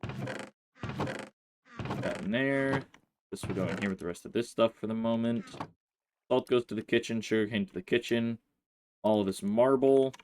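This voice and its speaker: A man's voice: mid-range voice, normal speed, pauses often, darkish tone, a little hiss or hum. A man hosting a casual let's play, commenting on his gameplay and grumbling in exasperation at his in-game horse.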